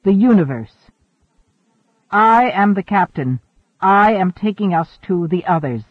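A stubborn, commanding starship captain, read by a man. The voice sits high and comes through a narrow, phone-like band. The room is dry. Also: expressive, a little slow, dry recording. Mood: determined.

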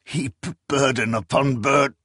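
A man's voice: mid-range voice, fairly even intonation, slow pace, bright, forceful tone, no room sound, clean studio sound, pitched above the performer's own voice. A man voicing a proud, broken barbarian warrior who speaks grimly, hissing under his breath. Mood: bitter, despairing.

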